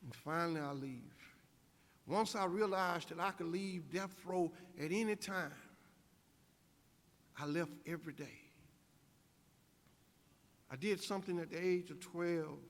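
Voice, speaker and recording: An older man delivers an inspirational speech to students, building his points with emphatic, preacher-like repetition. His voice sits a touch high and carries a gravelly edge. A long reverb trails every phrase across the large hall. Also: fairly bright tone. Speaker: guest speaker. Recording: echoey hall.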